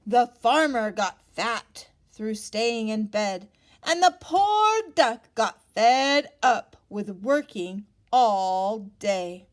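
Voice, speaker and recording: A woman reading a picture book aloud to children, pausing to ask them gentle questions. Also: on the high side, lively intonation. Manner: gentle, asks the listener questions, gasps for effect.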